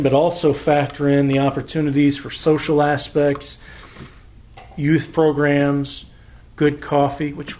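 A man's voice: a little high, darkish tone. A man preaching a sermon as pastor, conversational, posing rhetorical questions and acting out short exchanges.

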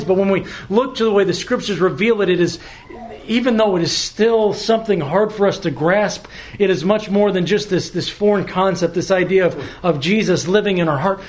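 A man preaching a sermon to a congregation, slow and emphatic, repeating words and pausing for weight. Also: high-pitched. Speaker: pastor. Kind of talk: expository sermon.

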